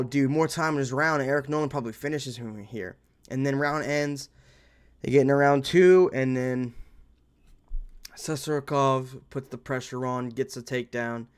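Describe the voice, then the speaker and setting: A young man casually recapping fight results in a loose, rambling monologue with some swearing. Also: medium pitch. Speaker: MMA reaction host.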